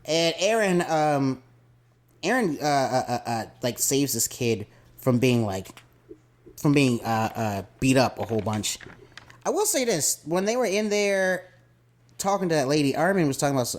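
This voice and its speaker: A man's voice: fairly high pitch, very animated, normal speed. A man from the American South co-hosting a podcast, chatting casually and slangily about an anime episode and acting out the characters' lines. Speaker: podcast co-host. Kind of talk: casual anime review chat.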